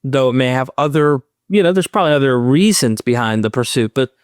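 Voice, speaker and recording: A man hosting a podcast, asking long, deliberate questions in a conversation. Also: medium pitch, smooth, no room sound, studio quality. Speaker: podcast host. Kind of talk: interviewing in conversation. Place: indoors, in-person conversation.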